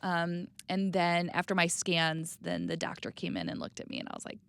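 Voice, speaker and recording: A woman in her thirties speaking candidly and reflectively as an interview guest, sometimes dropping to a soft, quiet voice. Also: level tone, moderate pace, creaky, clear, resonant tone, no room sound. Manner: reflective, plainspoken, drops to a soft low voice on hard news.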